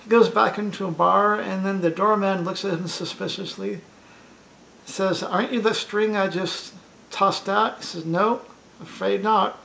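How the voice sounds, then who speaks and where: Male joke teller, higher voice with gravelly fry, plain deadpan read over faint hiss. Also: unhurried, rough recording. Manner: plain storytelling delivery with small stumbles. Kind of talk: reading a list of bar jokes.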